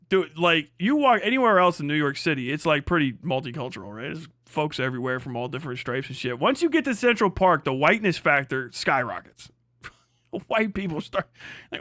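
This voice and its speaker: A young man hosts a livestream, ranting crudely and sarcastically, laughing often and answering chat in profane stream talk. His slightly high voice is expressive and sharp-toned at normal speed. The recording is dry, with clean studio sound.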